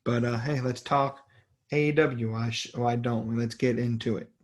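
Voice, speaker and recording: Man, co-host, mid-pitched, easygoing, tired, relaxed chat. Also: moderate pace. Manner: easygoing and a bit tired, with many fillers. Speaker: podcast co-host. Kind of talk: casual wrestling podcast chat.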